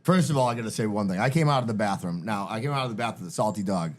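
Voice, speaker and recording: A man's voice: fairly low pitch, lively intonation. A man co-hosting a podcast, telling profane stories in casual chat. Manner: profane, storytelling, quick. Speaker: podcast co-host.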